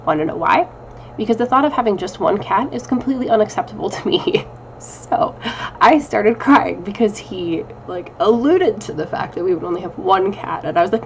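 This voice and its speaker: This thirtysomething witchcraft vlogger has a gravelly, animated mid-range voice at normal speed. Recording at home on a camera mic, she gives a chatty, rambling personal check-in, laughing often and poking fun at herself. The recording is rough, with slight background noise.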